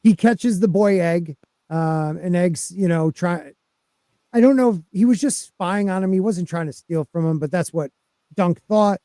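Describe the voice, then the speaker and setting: High, mellow-voiced man co-hosting a podcast. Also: a little slow, no echo. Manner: joking, teasing banter with fillers. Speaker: podcast co-host. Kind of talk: casual chat.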